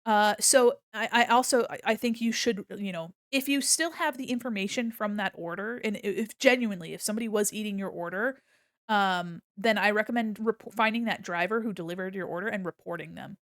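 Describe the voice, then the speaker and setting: Briskly and in a mid-range voice, a woman streamer keeps up casual chat with her audience, telling heavily sworn-through stories and acting out the quotes. There's no echo, and the studio sound is clean.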